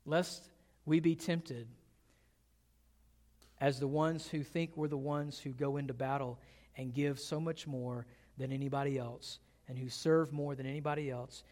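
A man's voice: mid-range voice, darkish tone, in a large hall. A man preaching a sermon, asking rhetorical questions and building emphasis as he goes. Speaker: pastor.

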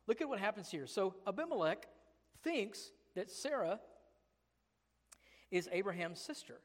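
A man's voice: sits high, very animated, measured pace. A man preaching a sermon as pastor, emphatic and conversational, full of rhetorical questions to the congregation. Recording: long hall reverb.

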